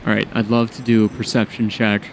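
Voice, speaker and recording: A man's voice: on the low side, flat delivery, brisk, creaky, a little hiss or hum. A man playing a tabletop game, talking hesitantly with many ums. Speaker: player. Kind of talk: casual tabletop game play.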